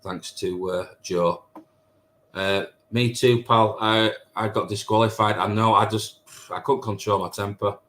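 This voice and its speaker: Chatty teasing man, low voice. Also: fairly even intonation, unhurried, a bit bright. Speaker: live stream host reading chat. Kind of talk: casual chat with viewers.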